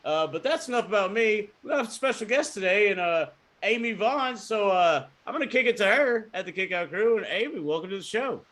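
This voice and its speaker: A man hosting a podcast, opening the show in a relaxed, filler-heavy way. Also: high voice, fairly quick. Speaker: podcast host.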